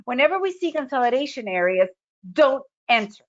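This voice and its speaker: A woman's voice: sits high, big pitch swings, brisk, dull audio. A woman trading educator giving a webinar lesson, emphatic and full of rhetorical questions. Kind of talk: webinar presentation.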